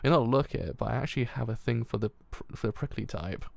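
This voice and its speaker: A man's voice: mid-range voice, expressive, fast, gravelly, a little mellow, dry recording. A man voicing a smug, flirtatious shell creature with flowery, teasing speech. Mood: flirty.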